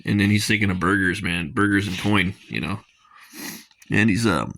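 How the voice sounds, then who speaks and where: A man's voice: fairly low pitch, normal speed, gravelly, fairly bright tone. A man casually reviewing a comic page by page, rambling with lots of fillers and reading dialogue aloud.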